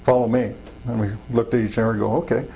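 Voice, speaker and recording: A man's voice: lowish voice, level tone, racing, vocal fry, warm tone, husky, poor audio. A middle-aged man telling folksy, rambling stories in an interview, full of fillers and acted-out quotes. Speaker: interviewee, wildland fire chief. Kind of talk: casual storytelling interview.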